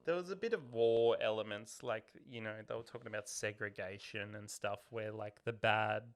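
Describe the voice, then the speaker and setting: A man's voice: fairly low pitch, normal speed. A young man co-hosting a podcast, chatting casually and joking, often laughing and slipping into silly voices. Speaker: podcast co-host. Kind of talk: casual chat.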